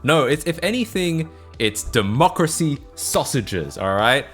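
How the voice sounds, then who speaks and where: A man's voice: on the high side, sing-song, a little slow, a bit bright, faint music behind. A young Australian man with an Australian accent, chatting casually on a live stream, self-mocking and laughing often as he answers chat.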